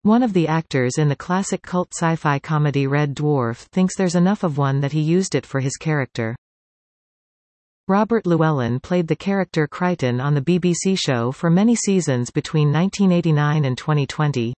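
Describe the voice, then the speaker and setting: A male reporter reads a scripted news segment with measured, informative pacing. His voice sits a bit above the usual male range. The recording is dry, with no room sound. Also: a little high, a little mellow, dry recording.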